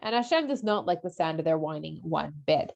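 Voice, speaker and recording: A woman teaching a children's lesson, retelling the story in a lively, casual, conversational way. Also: deep voice, fairly quick, vocal fry, dull audio.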